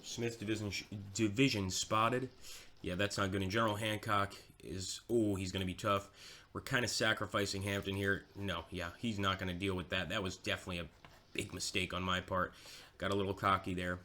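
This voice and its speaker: Low, bright-voiced male game commentator. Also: flat delivery, fairly quick, slight background noise. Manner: chatty and self-mocking. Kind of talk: casual strategy-game commentary.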